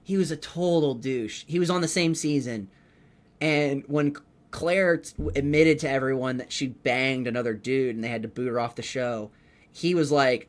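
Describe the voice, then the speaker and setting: A young man hosting a comedy podcast, rambling in an animated, profane way and filling his talk with "like.". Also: mid-range voice, normal speed. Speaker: podcast host, rookie stand-up comedian.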